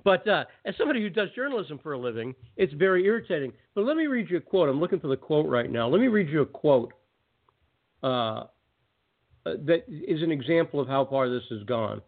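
Talk radio host, man, slightly high voice, ranting chat, tinny phone-like sound. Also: very animated. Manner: ranting, conversational, quick asides. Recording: phone-like narrow band audio.

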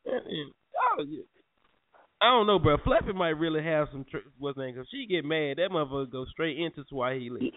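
A man's voice: on the high side, expressive, brisk, dry recording. A man hosting a casual morning podcast, trading profane, joking banter. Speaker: podcast host. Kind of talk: casual chat. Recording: phone-like narrow sound.

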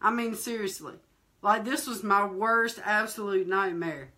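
A woman hosting a fireside chat, telling a personal testimony in a lively, colloquial way and talking straight to her listeners. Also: medium pitch, unhurried, a little hiss or hum. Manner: animated, laughing, acts out quoted voices; colloquial, addresses listeners directly. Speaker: ministry host.

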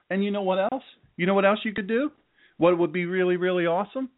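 A man's voice: high voice, fast. Man, pastor, sermon, folksy, joking, rambling, tinny phone-like sound. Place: church with a live audience.

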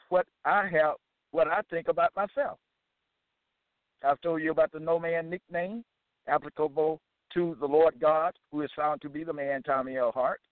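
A man's voice: fairly high pitch, dry recording. Emphatic man with a tinny phone-like voice. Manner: deliberate, emphatic, repeats and restates each question. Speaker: host of a religious teaching episode. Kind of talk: reading and explaining scripture verses. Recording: dry, tinny phone-like sound.

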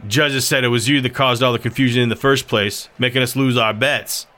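A man voicing a drunk, hostile miner who accuses roughly. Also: mid-range voice, fairly even intonation, brisk, bright, forceful tone, natural voice. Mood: surly. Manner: surly, accusing.

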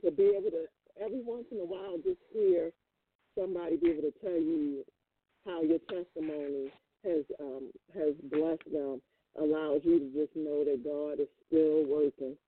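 Host on a dry tinny line. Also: female voice, deep voice, breathy edge. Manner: gentle, reflective, halting with fillers. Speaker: radio show host. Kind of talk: call-in gospel radio hosting.

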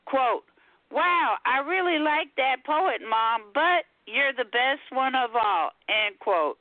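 A woman from Texas reads her poem aloud, calling in by phone. Her voice sits fairly high and she takes it slowly, marking quotes deliberately. The sound is a dry, tinny phone line. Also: expressive, no echo. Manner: slow, deliberate reading, says quote and end quote. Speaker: caller reading a poem. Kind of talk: poetry reading over the phone.

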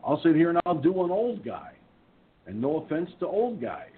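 A man's voice: fairly high pitch, wildly swooping pitch, normal speed, breathy edge. A man hosting an online talk radio show, chatting and telling stories about doing voices. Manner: talkative, storytelling, chuckling at himself. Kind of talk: casual chat. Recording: tinny phone-line audio with faint noise.

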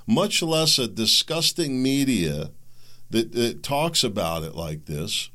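A man's voice: medium pitch, lively intonation, slow, pushed and bright. A man hosting a solo commentary podcast, talking in heated rants full of repeated words and self-interruptions, sometimes mocking the other side in sarcastic asides. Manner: sarcastic, mimics opponents. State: coughing. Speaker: show host.

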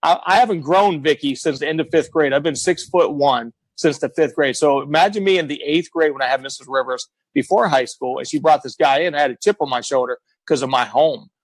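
A man's voice: on the high side, a little fast, hardly any pauses, breathy edge, no echo, poor audio. A middle-aged American man, a guest, telling his life story earnestly and with emphasis, acting out the voices of people he quotes. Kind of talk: emotional personal storytelling.

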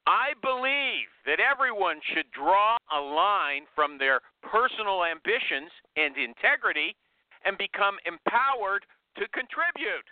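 A man's voice: high voice, lively intonation, measured pace, dry recording. A man mimicking an earnest corporate woman who recites stilted jargon, over a tinny phone line. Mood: mock-earnest.

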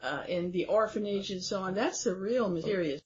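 A woman's voice: medium pitch, normal speed. A woman hosting an interview, chatting and reading passages aloud with frequent fillers. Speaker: interview host. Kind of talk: conversational interview. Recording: dull lo-fi audio.

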